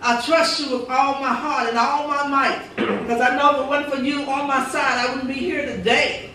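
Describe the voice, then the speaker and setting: A woman's voice: sits high, steady tone, moderate pace, pushed and bright, a little hiss or hum. A woman pastor preaching a sermon with fervent, repetitive phrasing and rhetorical quotes, heard in a church sanctuary. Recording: echoey church recording from far off.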